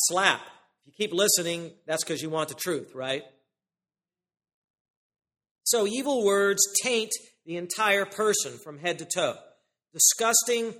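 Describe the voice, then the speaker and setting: A man preaching a sermon, reading scripture aloud with rising emphasis and dropping into quiet asides to the congregation. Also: a little high. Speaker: pastor.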